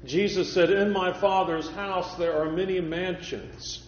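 Male preacher, slightly high voice, measured repetitive sermon delivery, reverberant church hall, dull lo-fi recording. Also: slight background noise. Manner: measured preaching, repeats phrases for emphasis. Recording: echoey hall, dull lo-fi sound.

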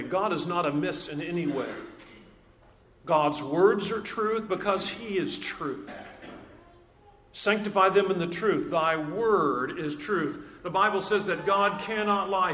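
A man's voice: high voice, fairly bright tone. Emphatic male preacher in echoey hall. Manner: emphatic, repeats key phrases, slows down for stress. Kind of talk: sermon. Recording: echoey hall, faint background noise.

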